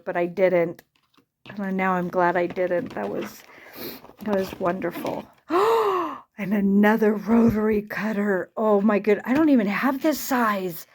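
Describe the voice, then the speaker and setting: Tearful and choked up, a woman thanks a company in a casual quilting unboxing vlog, gushing emotionally with frequent exclamations and gasps. Her mid-range voice sounds far from the mic in an echoey room.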